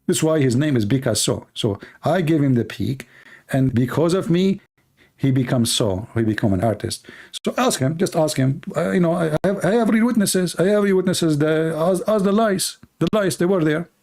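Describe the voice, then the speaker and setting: A man's voice: fairly high pitch, animated, normal speed, gravelly, darkish tone. A man hosting a livestream, giving mocking commentary in a sarcastic, jokey, repetitive way, with the grammar of a non-native English speaker. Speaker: livestream host.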